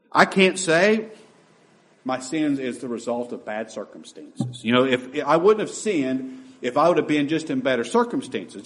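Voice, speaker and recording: Guy preaching a sermon, all fired up then dropping quiet, voice jumps around a lot. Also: mid-range voice, animated, normal speed. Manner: impassioned, swings between loud emphasis and near-hushed asides.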